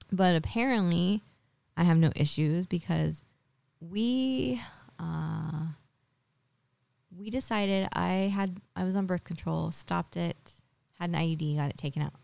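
A woman's voice: on the low side, a little slow, vocal fry, pauses often, mellow, no room sound. A woman in her forties hosting a podcast, telling a personal story in a chatty, casual way full of tag questions and fillers. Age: 40s. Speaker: podcast host.

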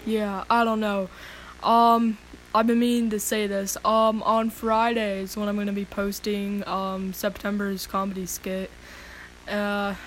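A woman's voice: mid-range voice, a little hiss or hum, rough recording. A woman hosting a podcast, chatting candidly with casual swearing, her voice cracking, then reading her own poem.

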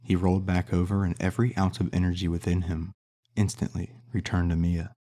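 A man narrating an audiobook in a measured, steady reading. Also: low voice.

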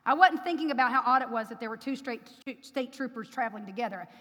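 A woman's voice: fairly high pitch, lively intonation, quick pace, fairly bright tone. A middle-aged woman preaching in church, telling a personal story with emotion and speaking directly to the congregation. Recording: reverberant hall.

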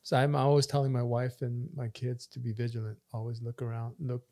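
A man's voice: medium pitch, little pitch movement, a little fast, warm tone. Man, pastor, rambling storyteller, casual podcast chat. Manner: talkative, storytelling with many fillers and restarts.

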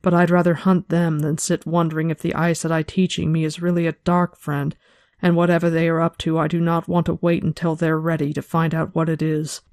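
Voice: medium pitch, monotone, fairly quick, darkish tone, no echo, studio quality, close to an everyday voice. A podcaster reading a novel aloud, voicing a blunt, stubborn woman healer who bites off her words. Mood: weary. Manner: clipped, biting.

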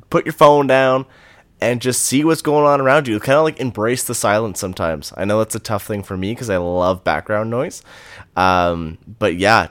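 Man, lowish voice, dry close sound, relaxed casual podcast talk. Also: no room sound. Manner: laid-back, agreeable, frequent "yeah" and "like". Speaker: podcast co-host. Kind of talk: casual chat.

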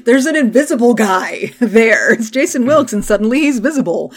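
Woman on a podcast recapping a show, swears a lot, laughs, quick loose storytelling. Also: fairly high pitch, lively intonation, slightly rough. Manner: profane, laughing, quick retelling with quoted voices. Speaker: podcast co-host.

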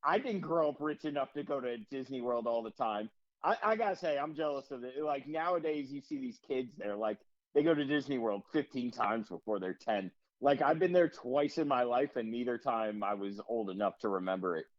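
A man co-hosting a casual podcast chat, joking in sarcastic, profane rants at a middling pitch. The recording sounds slightly dull and lo-fi. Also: expressive, brisk. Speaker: podcast co-host.

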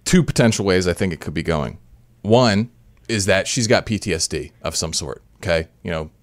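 A man's voice: sits low, expressive, normal speed, no echo. A man hosting a podcast, commenting in a rambling, casual way with frequent restarts. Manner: rambling, self-correcting, repeats words. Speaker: podcast host.

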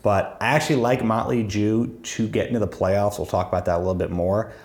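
Man, fantasy football co-host, low voice, casual analytical chat, lots of ums. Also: steady tone, fairly quick, darkish tone. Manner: chatty, analytical, many ums.

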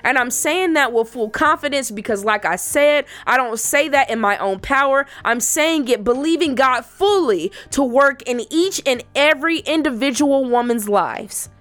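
A woman's voice: sits high, expressive, moderate pace, few pauses, a bit bright. Earnest woman giving a faith testimony. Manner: earnest, emphatic, repeats herself for emphasis. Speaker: faith speaker addressing women.

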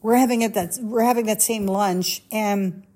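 A woman's voice: medium pitch, steady tone, normal speed, mellow. Chatty, candid woman telling personal stories. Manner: chatty storyteller, candid, acts out quoted voices. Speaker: social media coach. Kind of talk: confessional casual chat.

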